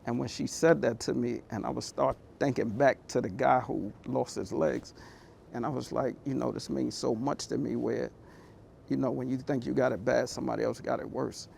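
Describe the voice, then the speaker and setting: Male motivational speaker, heavy vocal fry, mid-pitched; candid and heartfelt, talks like he's chatting. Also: fairly even intonation, normal speed, darkish tone, slight background noise. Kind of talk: personal storytelling talk.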